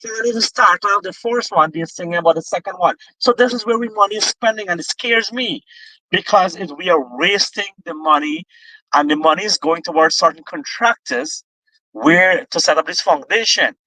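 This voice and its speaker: Impassioned Guyanese man, high bright voice. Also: normal speed, no echo, poor audio. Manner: impassioned, repetitive restarts. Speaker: political guest. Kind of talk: political discussion.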